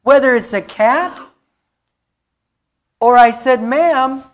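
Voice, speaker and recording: A woman's voice: sits high, slow pace. A woman pastor preaching a sermon, telling a story and repeating key phrases for emphasis.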